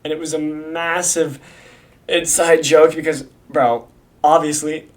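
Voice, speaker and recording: A man's voice: a little high, little pitch movement, unhurried. Young man rambling through casual commentary. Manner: rambling, swears often, slangy ("bro"), restarts. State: has the hiccups. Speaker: YouTube creator explaining a community iceberg.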